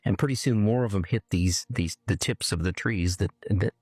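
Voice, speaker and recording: A middle-aged man from California telling a personal story earnestly, haltingly, often repeating words as he remembers. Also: fairly low pitch, a little mellow, breathy edge, no echo. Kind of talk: personal testimony.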